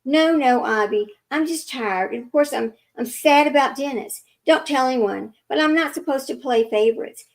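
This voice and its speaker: A woman reading aloud, voicing a manipulative woman who poses as a caring doctor, weary and falsely modest, in a slightly raised, gravelly voice. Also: high voice, moderate pace, few pauses, rough recording. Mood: weary sentimental.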